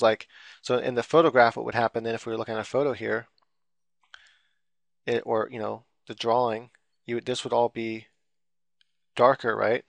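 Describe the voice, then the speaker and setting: A man with a medium-pitched, creaky voice gives a casual drawing tutorial as he works on screen, and the recording has no echo. He rambles, using lots of fillers and loose explanations.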